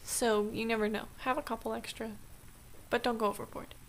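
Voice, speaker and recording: A young woman talks straight to her camera in a loose, rambling vlog, trailing off and restarting with lots of "like" and "I guess." Her voice sits a little high. A faint hiss runs under the home recording. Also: level tone, a little fast. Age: young adult. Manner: chatty, rambling with many restarts and "like". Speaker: vlogger. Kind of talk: casual vlog chat. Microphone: camera mic.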